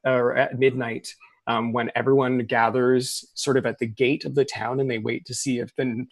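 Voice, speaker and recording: Game master narrating casually, close dry sound. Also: male voice, medium pitch, dry recording. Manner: casual, many fillers, laughs often.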